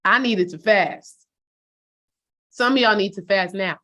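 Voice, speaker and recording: A woman's voice: medium pitch, unhurried, pushed and bright. A woman spiritual coach giving a casual motivational talk to her followers, direct and preachy, calling them sis and baby.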